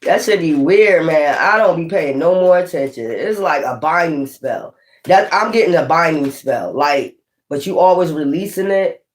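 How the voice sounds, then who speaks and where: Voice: medium pitch, expressive, moderate pace. Tarot reader doing a loose, profane reading with heavy slang and emphatic repetition, mid-range voice. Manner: rambling, profane, streetwise slang; emphatic, repeats points.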